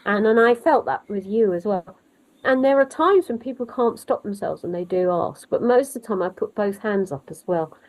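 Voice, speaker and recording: Wry, animated woman storyteller. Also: medium pitch, moderate pace, rough recording. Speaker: storyteller guest. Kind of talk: conversational interview.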